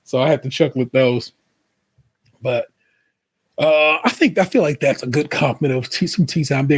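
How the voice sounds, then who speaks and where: A podcast co-host with a slightly high, slightly rough voice talks briskly in loose, profane casual chat. He tells stories animatedly and puts on voices when quoting people.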